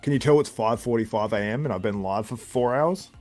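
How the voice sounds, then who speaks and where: A man's voice: mid-range voice, fairly quick, darkish tone, faint music behind. A man hosting a live stream, with a tired, sore voice, chatting casually and commenting as it happens. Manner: chatty, reacts to chat with laughs. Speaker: livestream host.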